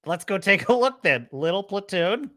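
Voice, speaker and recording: A man hosting a casual livestream, rambling and excitable, quick to laugh. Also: high voice. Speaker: show host.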